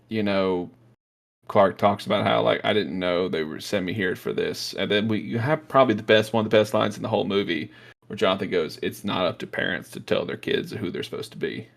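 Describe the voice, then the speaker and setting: Low-voiced man excitedly retelling a movie. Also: vocal fry. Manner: excited retelling, lots of fillers, acts out quotes. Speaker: podcast host. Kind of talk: casual movie review chat.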